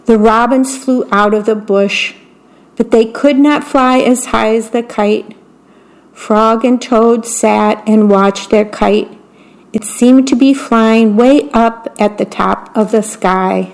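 A woman reading a bedtime story aloud for a radio program, slow and deliberate. Her voice sits a little high and she keeps the storytelling clear and measured. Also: fairly even intonation. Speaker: volunteer radio broadcaster.

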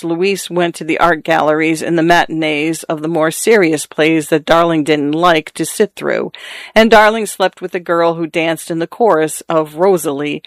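A man narrating a literary short story in a steady, measured way. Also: on the high side, smooth, no room sound.

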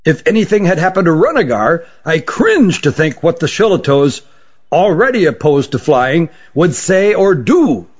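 A harsh old male magician who lectures with indignation, played by a man. He speaks in a raised, higher voice. The recording sounds dull and lo-fi. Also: sing-song, unhurried, full character voice. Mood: scolding. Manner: scolding, indignant.

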